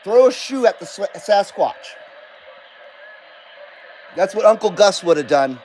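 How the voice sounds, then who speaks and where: A man's voice: high-pitched, expressive, measured pace, a little mellow, a little hiss or hum, low-quality recording. A man hosting a live stream in casual chat, reading viewer comments aloud and coughing now and then. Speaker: host.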